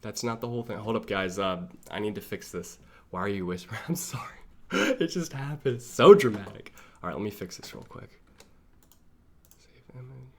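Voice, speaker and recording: Male vlogger, low and gravelly, close-mic, chatty self-aware theorizing. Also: animated, a little fast, a bit bright. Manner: chatty, thinks aloud, laughs at himself. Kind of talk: casual reaction commentary. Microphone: sitting close to the mic.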